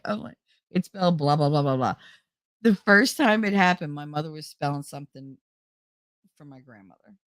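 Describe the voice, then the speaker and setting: A middle-aged woman hosting a livestream, telling family stories in a casual, animated way and acting out her relatives' voices with frequent laughter. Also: fairly low pitch, dry recording. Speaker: livestream host. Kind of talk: casual storytelling chat.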